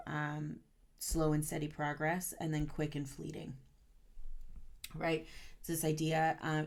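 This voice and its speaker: A woman's voice: sits low, darkish tone. A woman giving an earnest, encouraging tarot reading, often checking in with "right?" and getting a little stern as she urges the listener on. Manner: gets stern and amped up. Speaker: tarot reader.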